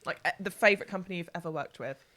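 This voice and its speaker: A woman hosting a podcast in casual chat, nosy and quick to cut in with questions and reactions. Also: on the low side, fairly bright tone. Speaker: podcast host.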